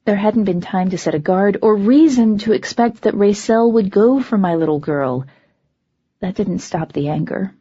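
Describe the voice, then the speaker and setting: Brief: woman audiobook narrator, first person, husky low voice, dull lo-fi audio. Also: dark tone, dry recording.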